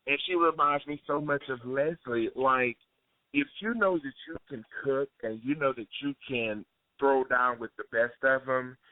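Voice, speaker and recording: A man, a former cooking show contestant, talking casually and excitably in a phone interview, laughing easily. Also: mid-range voice, normal speed. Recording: tinny phone line.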